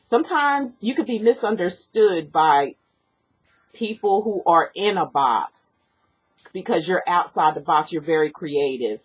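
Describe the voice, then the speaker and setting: Husky-voiced woman giving a rambling tarot reading. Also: fairly low pitch, expressive, measured pace. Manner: rambling, earnest, repeats herself, lots of fillers. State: sniffly from allergies. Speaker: tarot reader. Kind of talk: personal tarot reading to camera.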